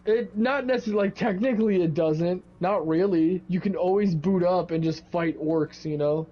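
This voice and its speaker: A young man chatting casually while playing a game, animated and swearing freely, jumping into high mock outbursts when he quotes himself. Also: normal speed, lo-fi sound, slight background noise. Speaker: co-host of a gaming video. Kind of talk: casual gaming chat.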